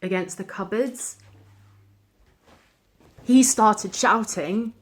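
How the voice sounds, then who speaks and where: An actress playing a young wife who records a shaken video message to her mother, speaking softly and haltingly. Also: mid-range voice, low-quality recording. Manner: soft, hesitant, halting delivery with quiet dips. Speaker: actor in a short film. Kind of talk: dramatic monologue as a video message.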